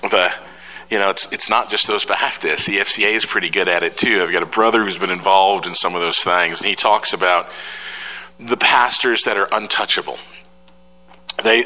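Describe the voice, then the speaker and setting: A man's voice: low-pitched, pushed and bright. A middle-aged man giving a sermon, telling a story in a conversational way with rhetorical questions to the congregation. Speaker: pastor. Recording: long hall reverb.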